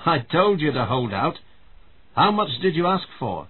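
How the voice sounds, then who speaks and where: A man voicing an eager cafe owner who talks in a coaxing, brisk way, on tinny phone-like audio. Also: a little high, sing-song, breathy edge, voice pushed up, full character voice.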